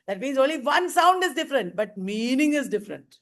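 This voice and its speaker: A woman teacher giving a slow exam revision lecture, repeating terms and quizzing her class. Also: a little high, lively intonation.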